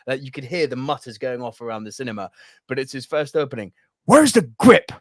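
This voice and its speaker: A man co-hosting a movie podcast, talking in an excited, animated way and swearing often. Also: mid-range voice, quick pace, dry recording, clean studio sound. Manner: animated, swears a lot, acts out film quotes. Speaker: podcast co-host. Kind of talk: excited casual chat.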